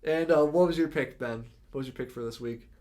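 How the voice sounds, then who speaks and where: A man's voice: on the high side, brisk, darkish tone. Podcast cohost guy, laughs a lot, mostly short replies. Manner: laughs easily, short back-channel replies. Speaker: podcast co-host. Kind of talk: casual chat.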